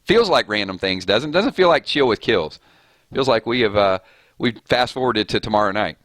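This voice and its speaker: Male streamer, rambling and fired up; crisp forceful tone, close dry mic. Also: lowish voice, lively intonation, moderate pace, no room sound. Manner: fired-up, rambling, laughs often. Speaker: gaming streamer. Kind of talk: casual live-stream chat.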